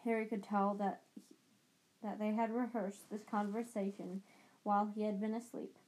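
A woman's voice: mid-range voice, level tone, normal speed, a little mellow, poor audio. A woman reading a novel aloud as an amateur audiobook reader, with occasional slips and restarts.

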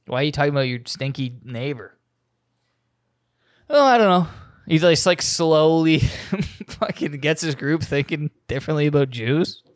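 A man's voice: fairly high pitch, no echo, studio quality. A man hosting a podcast, rambling profanely through a casual monologue and reading news aloud. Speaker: podcast host.

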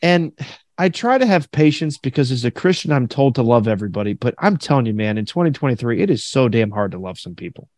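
A man's voice: mid-range voice, big pitch swings, fast talker, a little mellow, no echo. A man hosting a podcast in casual chat, telling stories animatedly and acting out other people's lines. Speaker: podcast host.

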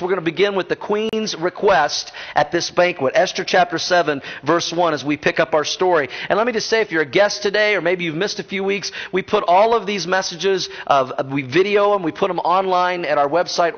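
A man's voice: on the high side, a bit bright. A male pastor preaching a sermon in a conversational style, with joking asides to the congregation. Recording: dull muffled sound.

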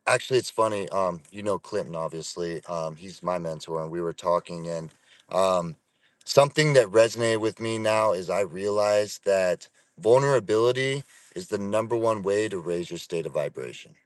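Deep-voiced man chatting from his car. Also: normal speed, no echo. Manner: laid-back, profane, says "bro" and "dude" constantly. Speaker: podcast guest. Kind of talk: casual conversation. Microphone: remote call.

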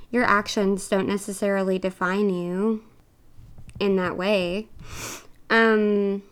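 A woman's voice: medium pitch, clear, resonant tone. A young woman hosting a podcast, talking in a chatty, earnest way with lots of fillers, a little out of breath. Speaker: podcast co-host. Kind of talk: casual podcast monologue.

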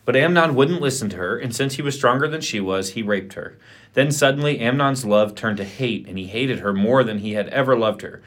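A man co-hosting a podcast, reading scripture aloud in a steady, plain way. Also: mid-range voice, brisk. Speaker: podcast co-host.

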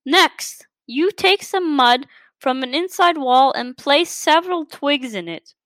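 A woman's voice: high-pitched, lively intonation, slow pace, a bit bright, no room sound, exaggerated voice. A woman voicing a clever, fussy female magpie who teaches other birds, explaining step by step in a storybook reading. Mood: instructive. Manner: patient but strained, explaining step by step.

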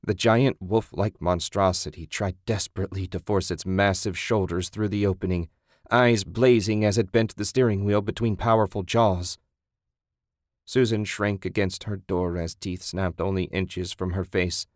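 A man narrating a horror story in a steady, measured reading. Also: deep voice, no room sound, clean studio sound.

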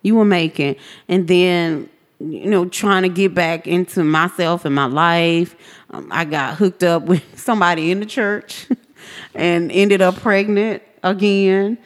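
A woman in her forties, a podcast guest, retelling her own story in a vivid, animated way. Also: unhurried. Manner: animated, vivid retelling that jumps high when quoting others. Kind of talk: personal storytelling in a podcast interview.

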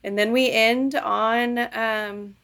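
A woman's voice: fairly high pitch, fairly even intonation, slow, creaky, a bit bright. A young woman co-hosting a podcast in casual chat, talking in an effusive way with trailing phrases. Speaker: podcast co-host.

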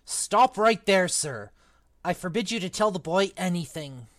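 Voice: medium pitch, expressive, a little slow, fairly bright tone, dry recording. A book-club reader voicing a blustering, panicky middle-aged uncle, raising the voice as the lines are read. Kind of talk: amateur read-aloud of a novel.

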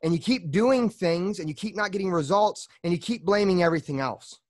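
A man delivers a blunt, fired-up motivational monologue on his own podcast, swearing freely as he pushes his listeners. His voice sits a little high for a man, and he sounds slightly out of breath from a workout. The sound is dry and close, with no room echo. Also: fairly quick. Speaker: podcast host.

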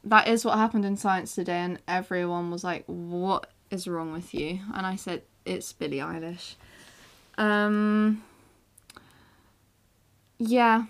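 A teenage woman hosting a casual podcast, giggly, excitable and easily flustered. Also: on the low side, takes it slowly. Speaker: podcast host. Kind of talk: casual chat.

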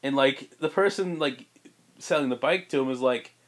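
A man co-hosting a podcast, pitching a story in rambling casual chat with many fillers and frequent laughs. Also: moderate pace. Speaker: podcast co-host.

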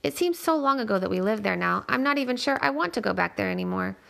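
A woman reading a novel aloud in a steady, plain storytelling manner. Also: mid-range voice, quick pace, vocal fry. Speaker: reader.

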